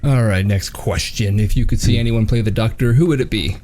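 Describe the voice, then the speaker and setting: A man's voice: lowish voice, a little fast, dark tone. A young man co-hosting a casual podcast chat, joking and poking fun at himself. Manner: joking, self-mocking. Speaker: co-host.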